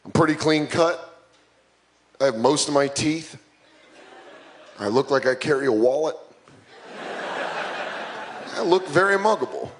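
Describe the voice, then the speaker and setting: A man's voice: fairly high pitch, animated, unhurried, long pauses, a little hiss or hum. A young man in his twenties performing a stand-up comedy set, self-mocking and punchy.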